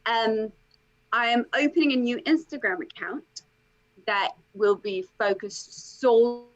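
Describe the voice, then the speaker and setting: A woman coach talking as an interview guest, emphatic and animated, peppering her talk with "okay" and "like". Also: a little high, a little slow, lo-fi sound.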